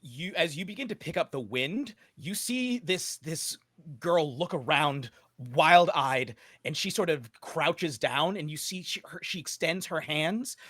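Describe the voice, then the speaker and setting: A man narrating a tabletop game as game master, slow and dramatic, dropping low and pausing for ominous moments. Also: animated, fairly bright tone, no room sound, studio quality.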